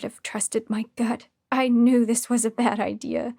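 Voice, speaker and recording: A woman reading a first-person horror story in a hushed, tense storytelling manner. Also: on the high side, flat delivery, a little slow, few pauses, slightly rough, no room sound, studio quality. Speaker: narrator.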